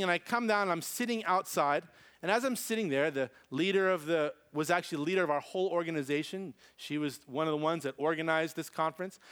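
A man preaching a sermon, telling a personal story with animated delivery and acting out the voices in it. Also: high-pitched. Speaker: pastor.

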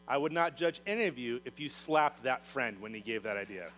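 A man preaching a sermon, telling a story in a lively way and acting out the characters' lines in voices. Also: medium pitch, fairly quick, hardly any pauses, poor audio. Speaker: pastor.

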